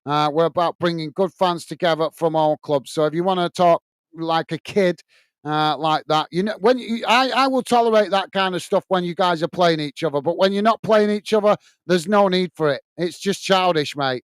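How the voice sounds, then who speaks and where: Speaking at normal speed in a high-sitting, clear, resonant voice with no echo, a British man commentates on a live football match for a watch-along. He chats with viewers, often calls them mate, and uses many fillers.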